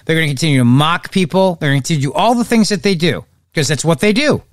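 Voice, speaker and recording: A man's voice: a little high, lively intonation, fast talker, dry recording. A man hosts a political commentary podcast in a slightly raised voice, full of sarcasm and mockery. His delivery is dry and close with no room sound. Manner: sarcastic and mocking. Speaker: podcast host.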